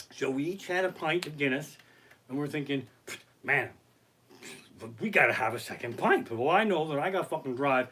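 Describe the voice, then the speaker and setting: A male comedian telling profane, animated stories on a live stream from his living room. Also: on the high side. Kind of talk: stand-up storytelling on a live stream. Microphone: basic home setup.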